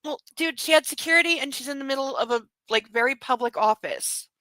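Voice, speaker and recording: A woman's voice: high voice, a little fast, pushed and bright, no room sound, low-quality recording. A woman reading a book aloud and breaking off with exasperated, mocking commentary that swears freely. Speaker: book club host.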